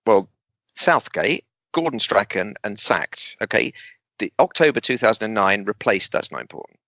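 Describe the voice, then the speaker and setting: A man, a guest speaker and humorist, talking in a casual interview with animated emphasis, dry jokes and deliberate pauses. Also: fairly low pitch, no room sound.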